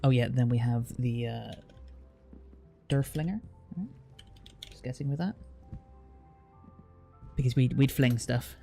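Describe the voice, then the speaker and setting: A man's voice: medium pitch, measured pace, gravelly, long pauses, dark tone, soft background music. A man with a southern English accent from the Southwest, streaming and chatting casually, thinking aloud with plenty of fillers. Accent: southern English (Southwest England). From Southwest England. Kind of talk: casual chat with live chat.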